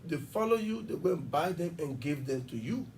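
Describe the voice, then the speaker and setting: A man's voice: fairly high pitch, expressive, a little mellow, far from the mic, slight background noise. A man, an education official explaining at length in a TV interview. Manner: fast, emphatic explaining with examples. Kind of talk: television interview.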